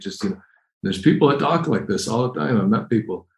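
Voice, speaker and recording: A man's voice: on the low side, a little fast, creaky, a little mellow, echoey room, low-quality recording. A man preaching a conversational, emphatic sermon, often repeating phrases as he explains Bible verses. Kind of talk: expository sermon.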